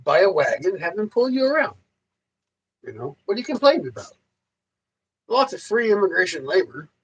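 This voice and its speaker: A man talks on his livestream in a loose, rambling way, repeating himself and swearing constantly. His voice sits high, and he swings it up and down with a lot of animation as he grumbles. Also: very animated, normal speed, a bit bright, slightly rough, dull audio. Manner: profane, ranting, heavy swearing. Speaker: livestream host. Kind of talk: casual rambling livestream monologue.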